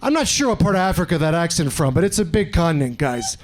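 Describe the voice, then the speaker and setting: A man's voice: a little high, sing-song, quick pace. A man in his forties from Canada doing a stand-up set on a club stage, telling stories animatedly and acting out other people's voices. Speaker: stand-up comedian. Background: audience laughter.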